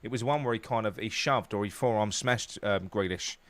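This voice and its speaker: Guy, lowish voice, hosting football banter, trips over his words, dry sound. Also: brisk, fairly bright tone, no echo. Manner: hesitant, repeats words, runs the discussion. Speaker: podcast host. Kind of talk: casual football chat.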